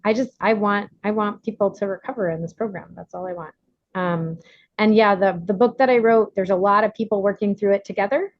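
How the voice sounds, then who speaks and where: A woman's voice: mid-range voice, a little fast, no echo. A woman leading a recovery workshop, giving chatty, encouraging advice full of fillers and small laughs. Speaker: workshop leader. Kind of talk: casual advice on a video call. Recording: dull, dry lo-fi audio.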